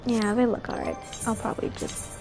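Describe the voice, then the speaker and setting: A woman streamer narrating her gameplay in a casual, bubbly way, with quick, expressive reactions. Her voice sits a little high, with faint music underneath. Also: gravelly, rough recording.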